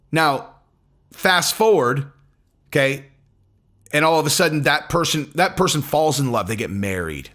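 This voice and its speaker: A man talking casually as an MMA commentator, blunt and a little profane, rambling between points in a relaxed vlog way. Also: medium pitch. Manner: animated, rambling, acts out quotes in other voices.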